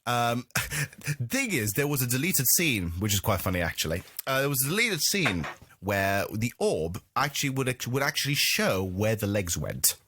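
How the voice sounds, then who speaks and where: A man co-hosting a podcast, reviewing a movie in casual chat with a mocking, animated manner. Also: mid-range voice, normal speed, husky. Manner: animated, mocking, slips into jokey impressions. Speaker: podcast co-host.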